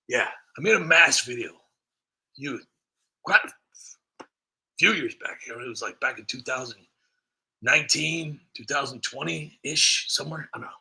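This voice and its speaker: A man's voice: a little high, normal speed, vocal fry, sharp tone. A man on his own comedy channel, rambling through a self-mocking comic rant.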